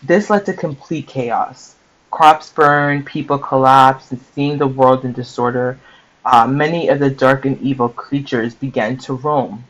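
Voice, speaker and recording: A man reading a story from a book aloud and stopping often to explain and think out loud, checking in with listeners. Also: medium pitch, fairly even intonation, unhurried, lo-fi sound. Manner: conversational, checks in with "okay?" and "right?", thinks aloud. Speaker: book-sharing host. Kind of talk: reading aloud with casual commentary.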